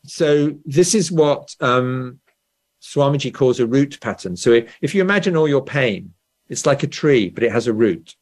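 A man's voice: mid-range voice, expressive, normal speed, a little mellow. English man explaining with "right?" tags. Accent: standard Southern English. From England. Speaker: author and guest. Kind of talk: conversational interview.

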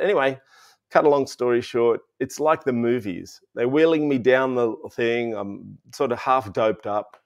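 A man's voice: mid-range voice, a little slow, creaky. Rambling Australian man in his fifties. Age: 50s. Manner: rambling, frequent restarts and fillers. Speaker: interview guest. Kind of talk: casual interview storytelling.

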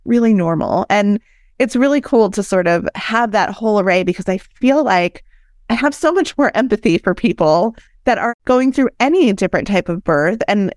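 A woman in her thirties, a doula and founder, telling her own birth story as a podcast guest in an animated, candid way and acting out what people said. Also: medium pitch, dry recording, studio quality. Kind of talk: personal storytelling in conversation.

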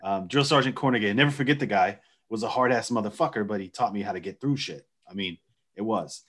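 A man's voice: fairly low pitch, quick pace, fairly bright tone, slightly rough. A man in his forties, an army veteran co-hosting a podcast, making emphatic profane points in casual chat.

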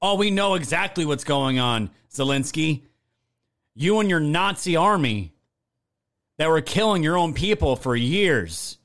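A man delivers sarcastic, profane video commentary in an angry rant. His voice sits a bit high for a man. He talks straight at his viewers. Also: expressive, a little slow, a bit bright. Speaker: political commentator.

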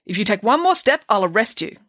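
A woman's voice: mid-range voice, very animated, fast, fairly bright tone, voice pushed up. A woman reading aloud, voicing a stern, snappish female police detective who speaks curtly. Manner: curt, commanding.

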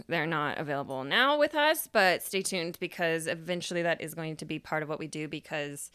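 A young adult woman and podcast host telling a personal story in a casual, animated way, swearing freely and acting out her own past remarks. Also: sits low, creaky, clear, resonant tone, no room sound.

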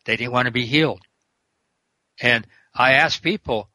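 A man's voice: mid-range voice, lively intonation, brisk, sharp tone, dry recording. An older man, a prison minister and guest, talking fervently in an interview and quoting scripture verse by verse. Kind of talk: preaching interview talk.

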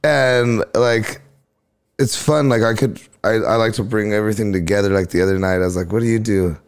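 Gravelly man telling comedy stories. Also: lowish voice, brisk. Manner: animated storytelling, acts out crowd exchanges, laughs often. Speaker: stand-up comedian guest. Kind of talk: casual podcast chat.

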